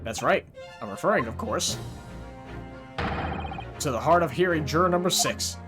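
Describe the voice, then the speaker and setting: A man's voice: a little high, lively intonation, unhurried. A man voicing an earnest young defense lawyer laying out his argument, with game music behind. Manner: earnest, explanatory.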